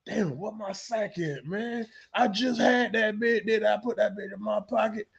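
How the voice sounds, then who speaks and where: Man voicing a low, mumbling stoner cook, profane and scatterbrained, lo-fi sound. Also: measured pace, creaky, husky, exaggerated voice. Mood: frantic. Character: male restaurant cook, frantic stoner, loses his stash.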